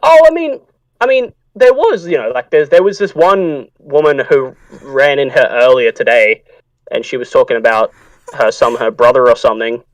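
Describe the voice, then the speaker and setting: A man's voice: mid-range voice, lively intonation, moderate pace, dry recording, distant mic, close to an everyday voice, low-quality recording. A man doing a cagey, swearing tavern barkeep. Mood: nervous. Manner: cagey and flustered, swears casually. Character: wary, evasive male tavern barkeep, middle-aged.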